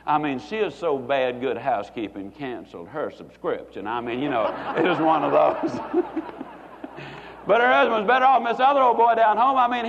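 A man giving a folksy, joking motivational speech to a live audience, slowing down for emphatic punchlines. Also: high-pitched, noisy background. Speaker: motivational speaker. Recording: dull lo-fi recording, long hall reverb.

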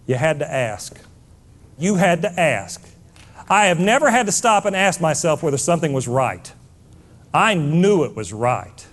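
Middle-aged male speaker, emphatic live talk, pitch on the high side, very animated delivery. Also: measured pace. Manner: emphatic, preachy, rising to near-shouts. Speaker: motivational speaker.

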